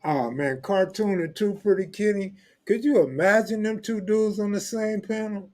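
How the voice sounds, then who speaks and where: A man's voice: sits high, moderate pace, a little mellow. A man from California, hosting a live stream, chatting casually in loose street slang and joking with viewers. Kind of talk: casual chat reading live comments.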